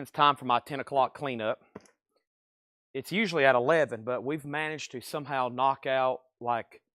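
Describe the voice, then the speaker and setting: A man hosting a live record sale who rattles off bids and prices in quick auctioneer fashion while moving around the shop. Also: medium pitch, a bit bright, a little hiss or hum. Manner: rapid auctioneer-style bid calling. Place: record store.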